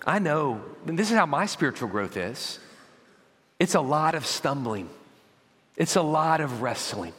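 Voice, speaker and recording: A man preaching a sermon as pastor, telling animated stories and acting out parents and children. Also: fairly high pitch, measured pace, long pauses. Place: large church auditorium. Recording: long church hall reverb.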